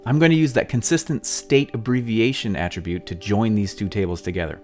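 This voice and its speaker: Middle-aged Michigan man, dry and relaxed, faint music underneath; tutorial host. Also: fairly low pitch, a little fast. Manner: wry, relaxed storytelling with dry asides. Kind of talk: casual personal anecdotes and software walkthrough.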